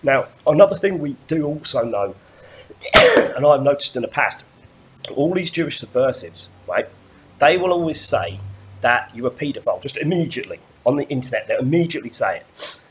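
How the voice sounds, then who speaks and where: A man's voice: mid-range voice, very animated, moderate pace, slight background noise. A man delivering a rambling monologue rant, stumbling over restarts and swearing often. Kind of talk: ranting monologue.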